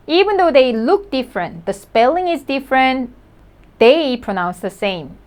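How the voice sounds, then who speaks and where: A woman teaching a language lesson, patient and encouraging, repeating each word slowly for learners to practice. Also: sits high, big pitch swings.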